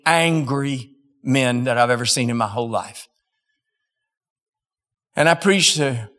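A male preacher telling a story in a sermon, dramatic and emphatic, with weighty pauses. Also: mid-range voice, a bit bright. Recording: long reverb in a large hall.

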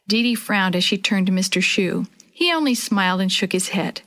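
A woman narrating a children's story aloud in a clear, expressive storytelling manner. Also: mid-range voice, moderate pace, few pauses.

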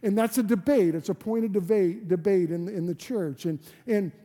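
A man's voice: high-pitched, normal speed, warm tone. A man preaching a sermon as a pastor, earnest and full of rhetorical questions and restarts. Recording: long hall reverb.

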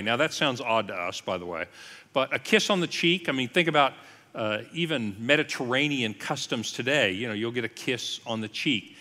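Male pastor, sermon-style teaching, lively storytelling with asides, bright tone, long hall reverb. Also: medium pitch, normal speed.

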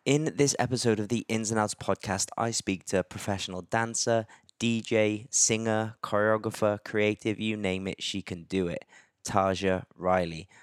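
A man hosts a podcast with an upbeat, easygoing manner. His voice is fairly low, and the studio sound is dry and close to the mic. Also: fairly even intonation, moderate pace, no room sound. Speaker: podcast host. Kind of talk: scripted intro, then casual chat.

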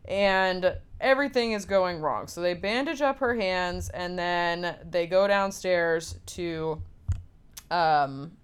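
A woman's voice: on the low side, takes it slowly, clean tone. Casual young woman retelling a film plot. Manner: casual, filler-heavy storytelling with frequent "like" and swearing. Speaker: film recapper.

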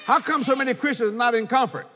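A man's voice: very high-pitched, quick pace, bright, forceful tone, in a large hall, some chatter behind. A man preaching a sermon as pastor, quoting scripture and repeating key lines for emphasis.

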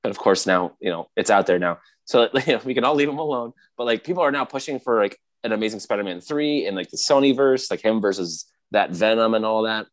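A man in casual chat, retelling scenes excitedly with frequent laughter. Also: lowish voice, fast, few pauses.

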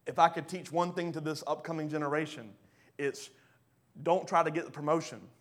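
A pastor preaching a sermon, swinging between loud rising bursts and quiet low drops. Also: male voice, a little fast. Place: church hall.

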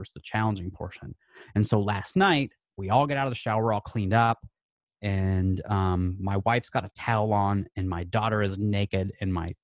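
A man's voice: fairly low pitch, no echo. A man in his late thirties, a podcast guest, telling a personal story in an earnest, rambling way with many restarts. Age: late 30s.

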